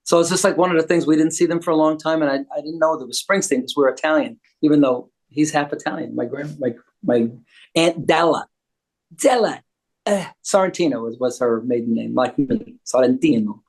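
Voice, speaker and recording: An older man from the United States, speaking briskly in a slightly high voice, chats casually as a guest. He jokes around and cracks wise throughout.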